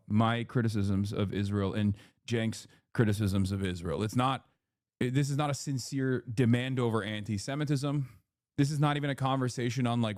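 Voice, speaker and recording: A man's voice: mid-range voice, darkish tone, no room sound, clean studio sound. A man doing live-stream political commentary, heated and indignant, with many fillers and restarts. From United States.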